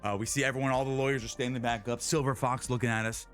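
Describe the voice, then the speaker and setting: A man streaming live, telling a rambling, slang-filled story in a casual, animated way. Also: mid-range voice, quick pace, faint music behind.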